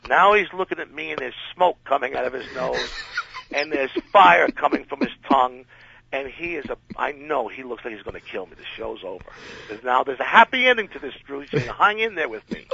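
Man, radio guest, animated storyteller, gravelly bright voice, lively pitch, dull lo-fi sound. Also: brisk. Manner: animated, acts out the voices in his anecdotes. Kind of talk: storytelling interview.

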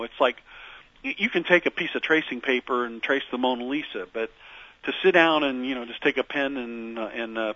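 A man with a bright, forceful voice tells stories as a musician guest, meandering through fillers and restarts. The voice is dry and close, with a slightly dull lo-fi radio sound. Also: mid-range voice, no room sound. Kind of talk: reflective radio interview storytelling.

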